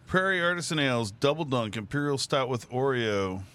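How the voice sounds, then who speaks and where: Man, co-host, casual chat, wry, deadpan jokes. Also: mid-range voice, a little fast, clear, resonant tone. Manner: wry, joking asides. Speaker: podcast co-host.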